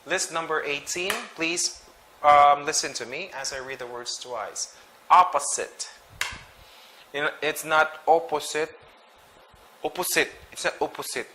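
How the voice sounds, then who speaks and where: A man teaching English pronunciation, reading sight words slowly and twice each, with short explanations. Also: fairly high pitch, steady tone, pushed and bright, a little hiss or hum. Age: adult. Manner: slow and deliberate, repeats each word twice with brief explanations.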